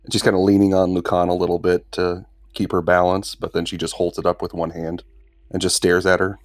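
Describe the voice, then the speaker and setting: Chill guy at a tabletop game, kinda low voice, narrating his character's moves. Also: fairly quick. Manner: relaxed, describing his character's actions. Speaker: player. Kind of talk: casual tabletop play.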